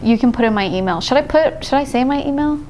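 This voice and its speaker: Woman art instructor, patient and cheerful, slightly high voice, live stream with faint hiss. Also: animated, quick pace, darkish tone. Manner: cheerful, explains steps patiently, laughs often. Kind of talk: live painting tutorial.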